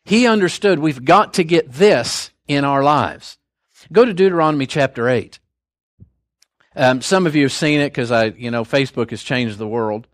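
An older man delivering a sermon at a mid-range pitch, easing into casual stories and folksy asides between Bible points. The sound is dry and close, with no room echo. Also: normal speed. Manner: conversational, storytelling, folksy asides. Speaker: preacher.

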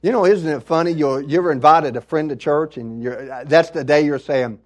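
A man with a high, bright voice preaches a lively sermon. He builds up to shouting exhortations, then drops into humorous stories told with asides to the congregation. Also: normal speed, few pauses. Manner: preaching with rising shouts and call-outs; storytelling with asides. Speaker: pastor.

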